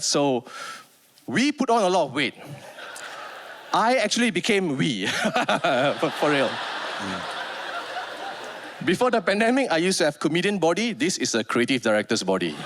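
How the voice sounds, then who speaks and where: A man in his thirties with a Malaysian English accent, performing stand-up comedy on stage, animated and mimicking voices. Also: on the high side. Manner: animated, mimics voices, sings snatches of rhymes. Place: on stage before a live audience.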